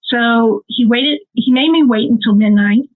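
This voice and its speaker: A middle-aged woman with a Midwestern American accent, a nonprofit co-founder and interview guest, telling an emotional family story with animated energy and laughter. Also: on the high side, unhurried. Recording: tinny phone-like call audio.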